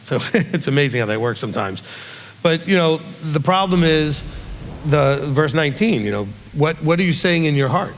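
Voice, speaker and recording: A man's voice: on the high side, animated, normal speed, slight background noise. Male rabbi, Q&A teacher, conversational, roomy hall reverb. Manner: conversational teaching with frequent "okay?" check-ins. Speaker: rabbi leading a Q&A.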